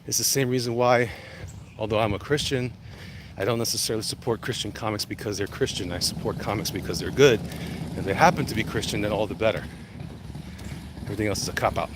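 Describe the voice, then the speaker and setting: A man chatting casually on a livestream while walking briskly outdoors, a bit out of breath, greeting viewers by name as he rambles. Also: on the low side, background noise. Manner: reads chat names aloud, greets viewers, rambling. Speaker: comic artist livestreaming. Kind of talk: casual live-stream chat while walking. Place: outdoors walking through a neighborhood.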